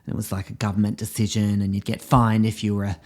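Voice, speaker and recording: A man's voice: lowish voice, monotone, quick pace. A man playing a pompous drama teacher, rambling with fillers in a comedy monologue. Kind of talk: comedy podcast character monologue.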